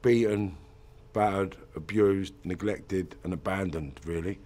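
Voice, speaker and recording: A man's voice: sits low, measured pace, warm tone. A man with a British accent, recounting a hard childhood in an emotional interview. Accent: British English. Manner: emotional, gravelly storytelling.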